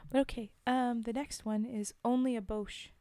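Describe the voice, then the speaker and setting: A woman's voice: fairly high pitch, steady tone, normal speed, dark tone, no room sound. A woman streamer chatting casually between poem readings, giggling and filling gaps with ums. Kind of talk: casual chat between poems.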